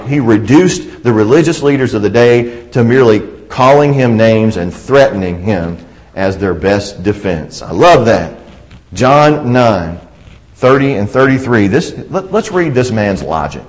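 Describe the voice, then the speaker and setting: A man preaching a sermon, speaking with passion, rising to emphatic peaks and dropping to soft asides as he reads scripture aloud. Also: medium pitch, rough recording.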